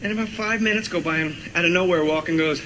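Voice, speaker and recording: High-voiced man telling an animated comic story. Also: quick pace. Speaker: comedian guest. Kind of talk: comic anecdote. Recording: loud noisy background.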